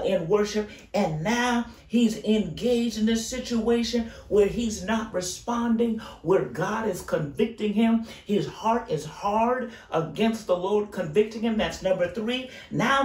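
A man's voice: sits high, reverberant, far from the mic. A man teaching a Sunday school lesson, preaching fervently with frequent exclamations of praise. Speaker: Bible teacher.

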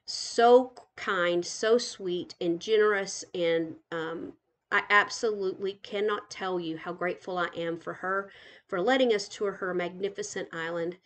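An older woman, a grandmother, chatting warmly as she tours a game island live, gushing and giggling. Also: lowish voice, measured pace. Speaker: gaming channel host. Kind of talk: casual live game tour commentary.

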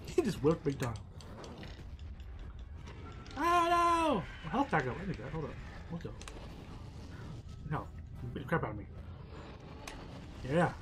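High, lively man laughing through gameplay. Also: measured pace, long pauses, a crowd in the background. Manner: laughing often, excitable exclamations. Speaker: let's play co-host. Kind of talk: casual gameplay chat.

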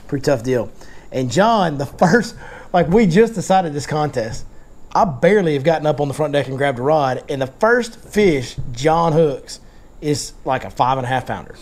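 A man's voice: on the high side, lively intonation, normal speed, darkish tone. A man hosting a casual fishing seminar, telling stories and joking in Southern slang. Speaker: fishing guide and seminar host.

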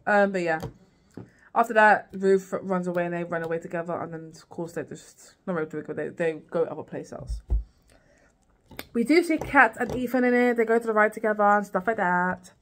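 Recapping a TV series for her casual vlog, a woman talks fairly quickly in a medium-pitched, fairly bright voice, with slight background noise. Her delivery rambles, full of fillers and restarts, and she performs quotes from the show.

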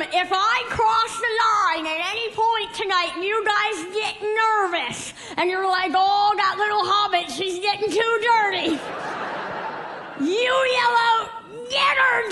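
A woman's voice: extremely high pitch, pushed and bright, in a large hall. A woman doing brash stand-up, teasing a man in the crowd. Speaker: stand-up comedian. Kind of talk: stand-up comedy with crowd work.

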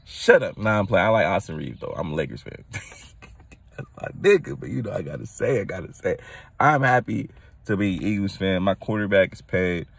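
A man hosting his own podcast, talking loosely and excitedly, rambling with restarts and laughing at his own jokes, a bit tired from little sleep. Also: low-pitched, fairly quick, gravelly, breathy edge. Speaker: podcast host. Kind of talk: casual solo podcast rant.

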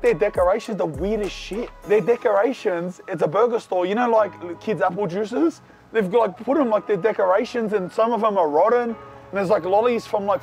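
A young man with a Sydney accent reviewing burgers in a casual vlog, talking in loud slangy banter. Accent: Australian, Sydney. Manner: loud slangy banter, animated swings in pitch. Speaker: food reviewer and vlogger. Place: outdoors and in burger shops around the city.

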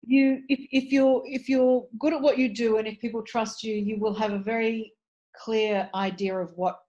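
A woman's voice: a little high, normal speed, lo-fi sound. Articulate Australian woman dialect coach. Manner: articulate, animated, thinks aloud with restarts. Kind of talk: casual interview chat.

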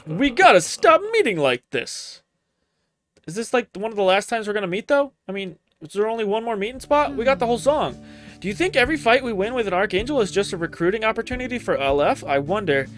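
A man streaming a game for the first time, commenting excitedly and scolding the enemies out loud. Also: sits high, quick pace, faint music behind. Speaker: gaming streamer. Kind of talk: blind let's-play commentary.

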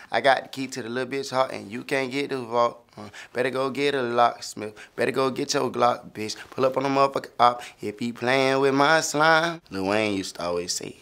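A man's voice: medium pitch, creaky, fairly bright tone. A young man talking casually through his own song lyrics, loose and laughing, slipping into sung lines now and then. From Florida. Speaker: rapper explaining his lyrics.

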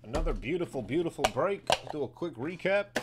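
A man hosting a live sports card break, calling out each card and getting excited over big pulls. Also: a little high, brisk, very noisy.

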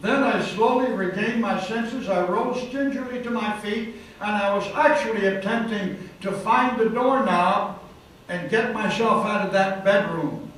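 A man's voice: high voice, unhurried, a bit bright. A male preacher telling a dramatic story in a sermon, recorded in a hotel event hall. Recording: echoey hall from far off, faint noise.

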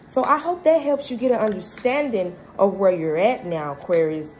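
A woman's voice: medium pitch, big pitch swings, measured pace, few pauses, soft background music. A woman giving a casual tarot reading from inside a car. She is chatty and swears freely, and often checks in with "okay?". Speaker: tarot reader. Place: inside a car while traveling.

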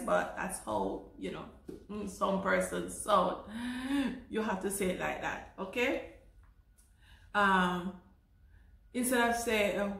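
Jamaican woman teacher, chatty vlogger, animated storyteller with easy laughs, roomy echo. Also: mid-range voice. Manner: animated, laughing, repeats words. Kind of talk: casual vlog storytelling. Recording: echoey room.

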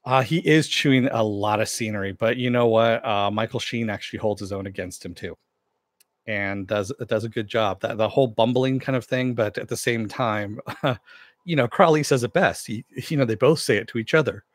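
A man's voice: on the low side, moderate pace, no echo. A middle-aged man casually reviewing a series, rambling with many fillers and restarts.

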